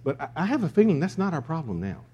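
Emphatic pastor preaching. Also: male voice, fairly high pitch, big pitch swings, fast talker, dark tone, highs cut off. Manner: emphatic, repeats key phrases. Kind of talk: sermon.

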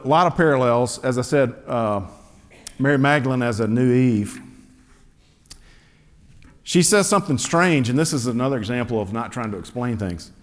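A man giving a conversational sermon, asking rhetorical questions, with plenty of fillers and restarts. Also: fairly low pitch. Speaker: pastor. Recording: long hall reverb.

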